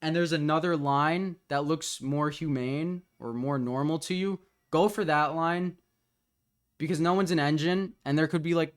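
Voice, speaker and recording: A man as a chess coach, casually talking through the moves of a student's game as he reviews it. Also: on the high side.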